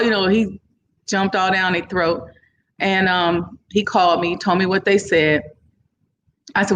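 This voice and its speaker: Woman guest, middle-pitched voice, animated storyteller who plays out each person's lines, loose casual phrasing. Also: unhurried, slight background noise. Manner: animated, acts out other people's lines in the story. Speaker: entrepreneur guest.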